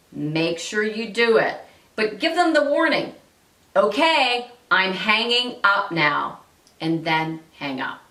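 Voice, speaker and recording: Woman coach talking straight to you, bright sharp voice, bit far from the mic in an echoey room. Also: on the low side. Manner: direct, coaching, upbeat. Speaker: host and workplace-civility coach. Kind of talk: instructional talk with example scripts.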